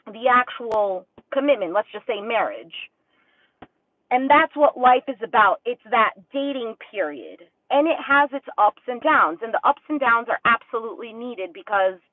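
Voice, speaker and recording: A woman's voice: fairly high pitch, no echo. A woman reads tarot in a loose, rambling way and slips into quoted inner thoughts as she goes. Her voice comes through thin and tinny, like over a phone line. The sound is dry and close, with no room around it. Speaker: tarot reader. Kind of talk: casual tarot reading.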